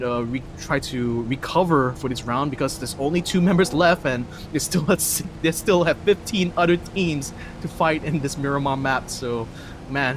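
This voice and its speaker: A man's voice: mid-range voice, background noise. A man giving live color commentary on a mobile esports match, chatty and analytical with frequent "uh"s. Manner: chatty, analytical, fills pauses with "uh". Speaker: esports caster.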